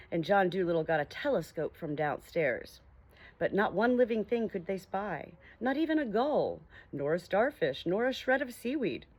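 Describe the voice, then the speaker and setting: A woman reading a children's story aloud with gentle, expressive narration. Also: medium pitch. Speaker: audiobook reader.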